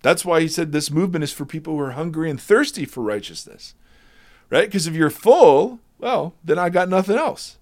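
A man with a slightly higher voice and a very lively, swooping delivery, talking about scripture with emphasis and feeling. He presses his points with rhetorical questions and sounds emotional, near tears. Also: moderate pace. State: teary. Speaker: Bible teacher in discussion. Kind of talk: conversational Bible discussion.

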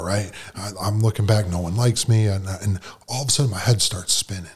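A man's voice: on the low side, brisk, few pauses, a little mellow, husky. A man, a podcast guest, tells his story candidly in casual conversation and acts out the dialogue with animation.

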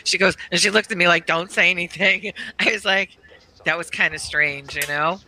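Bright animated woman telling a story. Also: fairly low pitch, normal speed, slight background noise, rough recording. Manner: animated, laughs often. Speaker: guest storyteller, mother. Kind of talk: casual storytelling.

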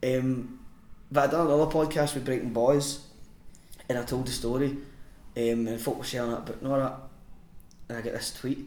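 A man's voice: mid-range voice, moderate pace, long pauses. Man, podcast guest, sweary storyteller, laughs a lot, echoey room. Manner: sweary, laughing, animated anecdote. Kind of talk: casual storytelling.

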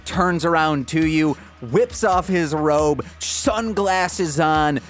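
A man acting as game master in an improvised tabletop role-play, playful and animated. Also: on the high side, slow pace, soft background music. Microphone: headphones and mic, home setup.

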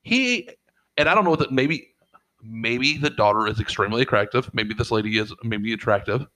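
A man's voice: mid-range voice, animated, moderate pace, sharp tone, rough recording. A middle-aged man in casual podcast chat, telling rambling, profane stories and acting out what people said. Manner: profane, rambling storyteller who acts out quotes. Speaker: podcast co-host and father.

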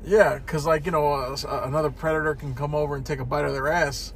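A laid-back man with a fairly high voice jokes around in casual chat. He is recorded in a car with faint background noise. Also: steady tone, fast. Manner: laid-back, joking, acts out the dog's thoughts. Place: inside a parked car.

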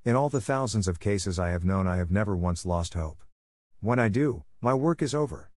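A man reading the part of a calm, hopeful woman probation officer, speaking steadily and reasonably. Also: fairly low pitch, moderate pace, no echo, clean studio sound, natural voice. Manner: steady, reasonable, quietly firm. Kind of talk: audiobook character reading.

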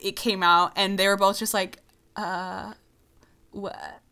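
A woman's voice: mid-range voice, flat delivery, brisk, sharp tone, smooth. A young woman in casual chat with her sister, easygoing and teasing, with plenty of fillers. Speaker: co-host chatting with her sister.

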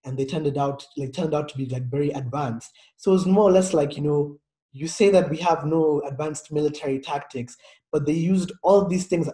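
A man's voice: on the high side, fairly quick, mellow. A man from Africa speaking earnestly in a casual discussion, stressing his points and checking in with "right?". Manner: earnest and emphatic, peppered with "right?".

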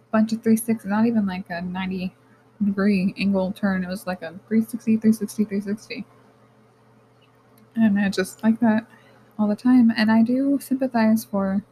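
A woman's voice: mid-range voice, warm tone, a little hiss or hum, low-quality recording. A woman hosting her own podcast, talking candidly and rambling, swearing freely and addressing listeners as guys, close to tears. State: near tears. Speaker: podcast host. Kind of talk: personal podcast monologue.

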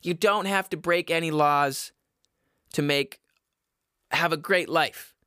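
Young male podcast host, loud ranting delivery, bright forceful tone, close dry mic. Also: on the high side, takes it slowly, smooth, no room sound. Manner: loud and yelling, rambling. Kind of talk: ranting comedy monologue. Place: home basement. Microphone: studio microphone.

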